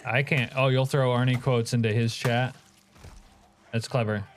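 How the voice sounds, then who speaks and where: A man's voice: medium pitch, fairly even intonation, moderate pace, a little hiss or hum. Joking, rambling male game streamer. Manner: joking, rambling, reacting to chat. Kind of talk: casual live-stream chat.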